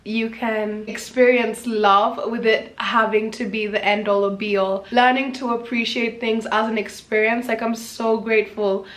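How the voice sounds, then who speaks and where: A woman's voice: normal speed, few pauses. A young woman who hosts radio, chatting casually to camera in a Q&A, laughing often mid-sentence. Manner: chatty and animated, bursts into high laughter. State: briefly teary. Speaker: radio host and vlogger.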